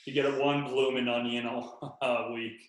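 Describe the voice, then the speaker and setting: A man's voice: mid-range voice, little pitch movement, normal speed, reverberant, poor audio. A man hosting a podcast, chatting casually and joking, with lots of fillers. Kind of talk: casual chat.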